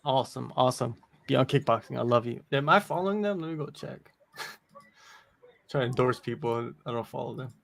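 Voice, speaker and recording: A man in his forties co-hosting a casual fight watch-along, animated and opinionated, laughing often. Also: medium pitch, moderate pace, creaky. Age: 40s. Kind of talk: casual chat.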